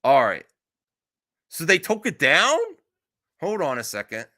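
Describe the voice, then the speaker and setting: Male streamer host, fairly high voice with a bright, forceful edge; blunt, exasperated, swears a lot. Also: very animated, measured pace. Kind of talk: casual live-stream chat.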